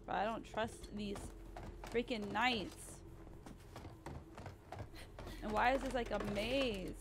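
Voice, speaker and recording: A woman streaming a horror game, chatting excitably, cursing a lot and shrieking when scared. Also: on the high side, slow, background noise. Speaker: gaming streamer. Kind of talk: live let's-play commentary.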